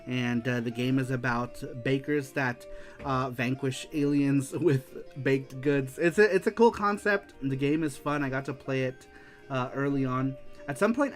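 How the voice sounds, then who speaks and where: A man hosting a casual retro game livestream, reading viewer answers aloud with frequent laughter. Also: mid-range voice. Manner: animated, laughs often, reads aloud.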